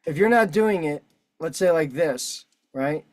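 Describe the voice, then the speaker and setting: Speaking at a measured pace with lively intonation, a man with a slightly high voice hosts an online meeting on video call, with no room sound. He fills out a form as he explains it, in a casual style full of profanity and combativeness.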